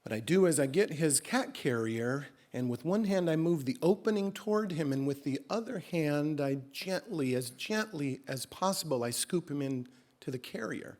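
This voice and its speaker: A man telling a true first-person story live on stage at a story slam, animated and slipping in deadpan comic exaggeration. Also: a little high, moderate pace.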